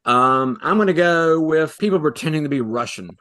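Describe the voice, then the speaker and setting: A man co-hosting a casual movie podcast, dry and self-mocking, pausing often with "uh". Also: on the high side, animated, fairly bright tone. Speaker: podcast co-host.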